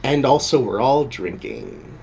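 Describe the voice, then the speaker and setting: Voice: medium pitch, wildly swooping pitch, measured pace, gravelly, crowd noise. A co-host chatting casually on a stream, rambling and repeating words, with frequent swearing.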